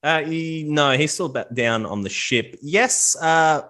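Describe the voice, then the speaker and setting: A man's voice: fairly high pitch, takes it slowly, pushed and bright. A young man narrating as game master of a tabletop game, rambling loosely with lots of fillers.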